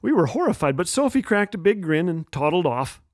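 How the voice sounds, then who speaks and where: A middle-aged man hosting a humor radio show, telling stories with wry, gentle jokes and chuckling at his own lines. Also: sits high, very animated, brisk, no room sound, studio quality.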